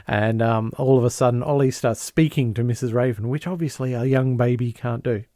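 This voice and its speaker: A mid-pitched man co-hosting a podcast walks through a sitcom plot in a casual, storytelling way. He is animated and slips into character voices as he goes. The sound is close and dry. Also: brisk, no room sound. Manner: animated storyteller who acts out quotes. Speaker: podcast co-host. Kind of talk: casual episode recap.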